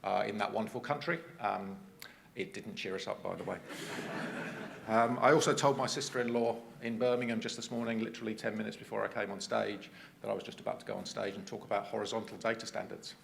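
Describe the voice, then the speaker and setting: A man's voice: on the low side, steady tone, quick pace, vocal fry, fairly bright tone. An English man presenting at a conference, chatty with self-deprecating asides. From England. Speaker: conference speaker.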